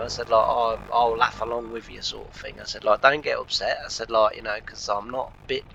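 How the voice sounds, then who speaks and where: A man's voice: lowish voice, gravelly, bright, forceful tone. Chatty man telling a story. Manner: chatty, retells with constant "I said". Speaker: let's play host. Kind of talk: rambling anecdotal storytelling. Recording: dull lo-fi sound with faint noise.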